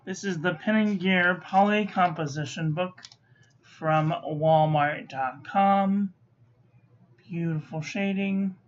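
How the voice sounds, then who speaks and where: A woman's voice: on the low side, slow pace. A woman reviewing ink on paper in a casual chat, listing short verdicts with chatty asides. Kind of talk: casual hands-on review narration. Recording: slightly muffled lo-fi recording.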